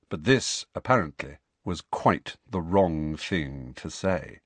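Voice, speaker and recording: A man narrating a novel aloud with expressive storytelling. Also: rumbling low, takes it slowly, dry recording. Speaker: audiobook narrator. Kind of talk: scripted narration.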